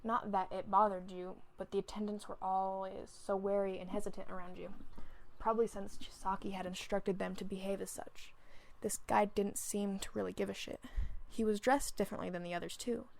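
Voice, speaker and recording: A woman's voice: medium pitch, flat delivery, a little fast, gravelly, slight background noise, poor audio. A woman casually reading fanfiction aloud at home, often stumbling over and correcting words. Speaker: fanfiction reader.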